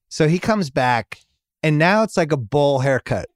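A man's voice: fairly high pitch, animated, normal speed, no room sound, clean studio sound. A middle-aged man hosting a podcast, telling a long family anecdote in a rambling way and laughing at his own jokes. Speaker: podcast host. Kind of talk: casual storytelling chat.

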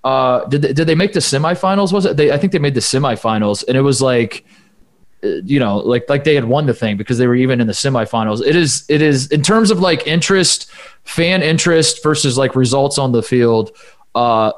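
An American man co-hosting a podcast, chatting casually about sports with lots of restarts and animated asides. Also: mid-range voice, a little fast. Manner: rambling, animated, many restarts. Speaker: podcast co-host.

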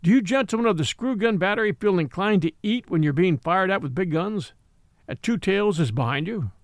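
A man's voice: high voice, lively intonation, fairly quick, no room sound, studio quality. A man voicing a haughty cavalry horse. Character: proud Australian troop horse, touchy about breeding.

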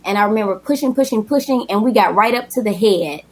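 A woman's voice: mid-range voice, quick pace, husky, low-quality recording. A woman guest telling the story of her daughter's birth in a personal, emotional way. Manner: emotional, animated retelling with acted quotes.

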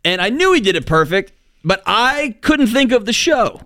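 A man's voice: high voice, big pitch swings, moderate pace, pushed and bright, no echo. A man co-hosting a radio advice show, playful and self-mocking in casual studio talk. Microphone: studio mic.

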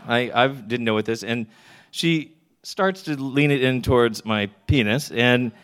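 Before a live audience, a middle-aged Texan man tells a candid comic story and lands each punchline with wry timing. His voice is medium in pitch, a little bright, clear and resonant, and he takes his time.

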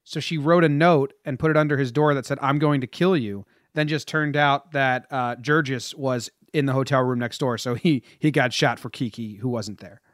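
A man's voice: mid-range voice, steady tone, moderate pace, hardly any pauses, a bit bright, dry recording, clean studio sound. A man co-hosting a casual podcast, reading out a prepared history story and chatting with his co-host. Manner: reads a prepared story, then chats and laughs with his co-host.

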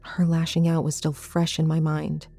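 With a creaky, husky, low and mellow voice, a woman reads a first-person horror story in a completely flat delivery. Her pace is measured and suspenseful, and faint music plays softly in the background.

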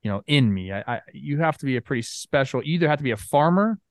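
Relaxed male sports co-host. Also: medium pitch, fast, no room sound, clean studio sound. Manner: relaxed, rambling, with filler words. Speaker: baseball show co-host. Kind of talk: casual sports talk.

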